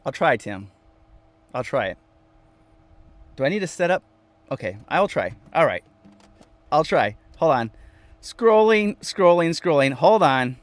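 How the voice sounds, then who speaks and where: A man chatting casually on a livestream from inside his van, reading viewers' comments aloud, talking to them by name and repeating himself with lively energy. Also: on the high side, a little slow, pauses often, no echo. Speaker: vlogger reading live chat.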